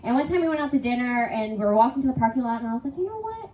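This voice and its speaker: A woman's voice: fairly high pitch, very fast, mellow. A young woman doing a stand-up comedy set, rambling and crude, giggling often through her confessional stories. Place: comedy stage before a live audience. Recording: roomy, distant mic, faint audience noise.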